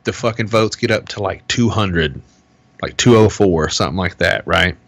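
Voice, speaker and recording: A man's voice: sits low, normal speed, creaky, a bit bright, dry recording. A man on a podcast telling a heated, profane story in casual chat and acting out what people said. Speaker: podcast co-host.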